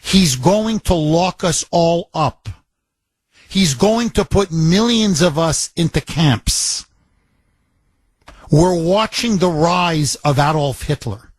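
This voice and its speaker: A man's voice: a little high, dry recording. A man hosting a political talk radio show, delivering an impassioned, emphatic monologue full of repetition.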